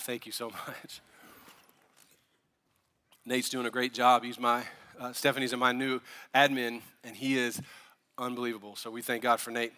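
Man, pastor, sermon, animated and fired up, bright tone, echoing sanctuary. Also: on the high side. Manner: animated, building to fired-up preaching with asides. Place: church sanctuary.

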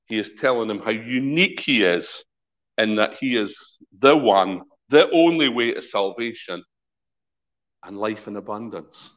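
A man's voice: on the low side, measured pace, dull audio. A middle-aged man, a pastor, preaching a conversational sermon and acting out the voices in his stories. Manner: lively, conversational preaching with acted-out quotes.

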